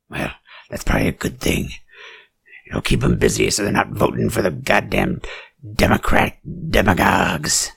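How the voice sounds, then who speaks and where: Gravelly sarcastic male commentator, wildly swinging pitch. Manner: sarcastic, breaks into shouted outbursts. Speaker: satirical commentator. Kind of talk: mock-serious reading with ranting asides.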